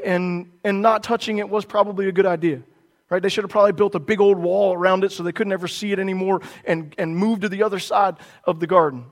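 A man's voice: sits high, steady tone, fast talker. A man preaching a sermon, emphatic, and often putting questions to his listeners. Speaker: pastor.

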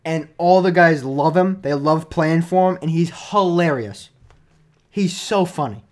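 A man co-hosting a casual sports podcast, opinionated and excitable, tossing out quick takes and agreeing often with "yeah". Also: a little high.

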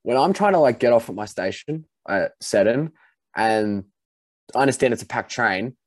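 A young Australian man co-hosting a podcast, telling animated stories with swearing. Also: mid-range voice, moderate pace, dry recording. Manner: animated storyteller, swears, laughs easily. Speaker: podcast co-host. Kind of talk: casual chat.

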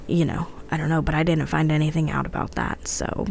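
A woman's voice: deep voice, flat delivery, fairly quick, gravelly, darkish tone, slight background noise. A woman co-hosting a casual podcast, reading a legend from her notes with frequent laughs and stumbles. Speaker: podcast co-host.

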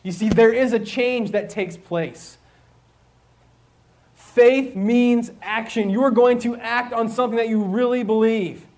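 A man's voice: very high voice, measured pace, a little mellow. A man preaching a sermon to students at a school, conversational, with rhetorical questions and repeated phrases. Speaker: school chapel speaker.

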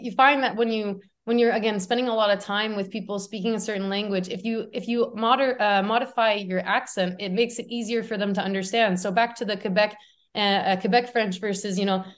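A woman's voice: mid-range voice, steady tone, brisk. A woman guest on a podcast, talking casually and animatedly, laughing often and restarting her sentences. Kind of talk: casual conversational storytelling.

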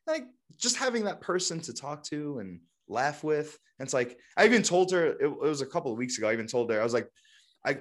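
A man's voice: mid-range voice, lively intonation, fast, fairly bright tone. A young man co-hosting a podcast in casual chat, rambling and full of fillers like "like" and "you know". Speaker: podcast co-host.

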